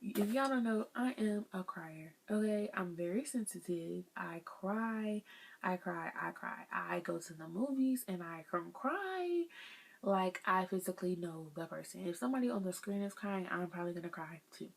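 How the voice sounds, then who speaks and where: A woman's voice: lowish voice, lively intonation, moderate pace, vocal fry, breathy edge. A young woman, talking through life lessons to her viewers in a casual, earnest vlog and calling them y'all. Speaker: vlogger sharing life lessons.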